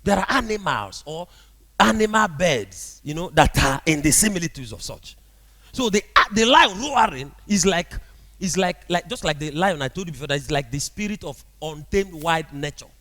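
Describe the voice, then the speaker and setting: Animated male preacher in echoing hall. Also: fairly high pitch, moderate pace. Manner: animated preaching with frequent rhetorical questions to the congregation. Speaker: prophet preaching. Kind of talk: sermon.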